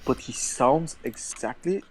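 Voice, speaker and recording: A man's voice: medium pitch, lively intonation, slow pace, a little hiss or hum. A young man co-hosting a podcast, telling stories bluntly with heavy swearing. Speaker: podcast co-host. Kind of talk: casual chat.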